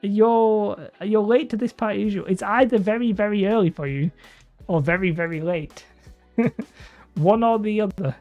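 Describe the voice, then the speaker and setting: Speaking a little slowly in a mid-range voice, a woman hosts a hobby livestream where she reads viewer comments and chats casually, rambling as she laughs. Faint music accompanies the dull, lo-fi stream audio.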